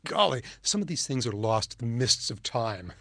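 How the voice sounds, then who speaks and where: Canadian guy, bird expert guest, lively voice, goes up and down a lot, dry sound. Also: medium pitch, moderate pace, no echo. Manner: enthusiastic, storytelling. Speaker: ornithologist guest. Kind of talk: casual interview talk.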